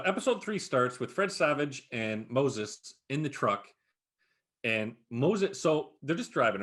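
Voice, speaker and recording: A man co-hosting a podcast in casual chat, swearing freely and recapping a series with lots of energy. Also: medium pitch. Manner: profane, animated recapping with frequent laughs. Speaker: podcast co-host.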